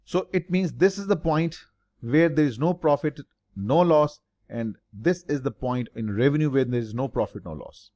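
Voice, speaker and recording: A man's voice: medium pitch, moderate pace, darkish tone. A man lecturing as a finance tutor, stressing and repeating key terms and answering his own questions. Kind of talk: lecture explaining break-even analysis.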